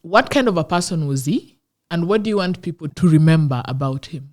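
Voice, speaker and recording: An interviewer keeps a casual chat moving with short, prodding questions. The pitch swings in a lively, animated way. The voice sits at an average pitch. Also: a little fast. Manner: prompting with short questions and backchannels.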